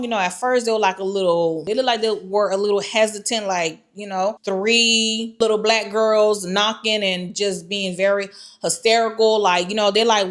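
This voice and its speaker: Animated woman telling a personal story. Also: on the high side, moderate pace. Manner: animated retelling with slang and quoted voices.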